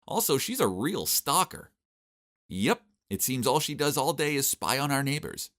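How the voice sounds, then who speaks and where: Wry, expressive man narrating a story. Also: medium pitch, normal speed. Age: young adult. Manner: exasperated, wry, with animated asides. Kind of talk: scripted first-person story narration.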